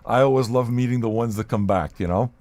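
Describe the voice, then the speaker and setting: A man hosting a record-listening livestream who talks in a loud, shouty, abrasive rant and swears freely. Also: mid-range voice, fairly quick, dry recording. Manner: profane, excitable. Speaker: host of a record-listening show. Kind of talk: loud ranting livestream chat.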